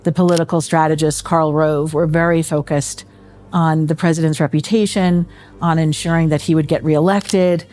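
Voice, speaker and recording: A woman giving a personal testimony in an interview, halting and repeating herself. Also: low-pitched, fairly even intonation, darkish tone. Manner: halting, with fillers and repeated phrases. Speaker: interviewee, widow.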